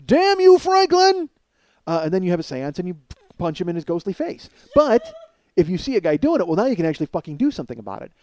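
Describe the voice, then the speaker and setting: Excitable, fast-talking profane male comedian. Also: fairly high pitch. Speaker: comedy podcast host. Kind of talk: comedic storytelling monologue.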